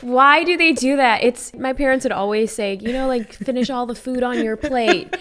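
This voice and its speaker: A woman hosting a podcast, affirming her guest and sharing quick asides of her own. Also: high voice, a bit bright. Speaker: podcast host. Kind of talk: casual podcast interview.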